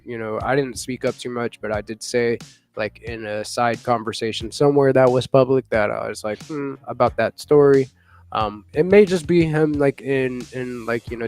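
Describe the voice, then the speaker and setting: A man's voice: medium pitch, darkish tone. A man hosting a casual live news chat, rambling with lots of fillers and laughing now and then. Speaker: morning show host.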